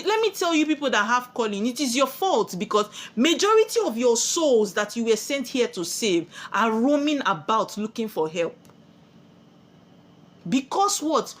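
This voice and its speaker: A woman's voice: fairly high pitch, big pitch swings, measured pace. A woman with a Nigerian accent giving a spiritual sermon, preachy and full of rhetorical questions she answers herself. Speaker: spiritual teacher.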